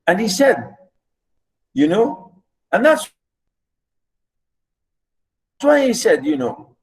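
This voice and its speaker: A man giving a literature lecture, explaining slowly and emphatically with many repetitions. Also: high-pitched, sing-song, a little mellow, poor audio. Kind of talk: recorded lecture.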